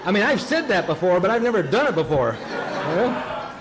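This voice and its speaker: A man sharing his recovery story in a humorous, animated way, jumping between loud outbursts and hushed asides. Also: sits high, moderate pace, a crowd in the background, background noise.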